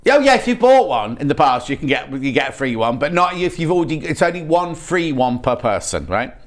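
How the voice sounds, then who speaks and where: A man's voice: fairly high pitch, sing-song, fairly quick. A British man presenting products on a live shopping channel in a TV studio, chatty and rambling, with frequent restarts.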